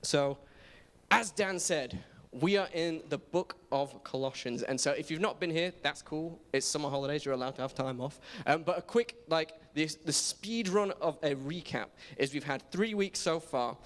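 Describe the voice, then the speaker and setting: A man's voice: on the high side, normal speed. A young man giving a casual, self-deprecating sermon in a church. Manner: self-deprecating, chatty, many restarts. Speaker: preacher. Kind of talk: casual sermon with personal stories. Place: church auditorium. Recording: reverberant church hall.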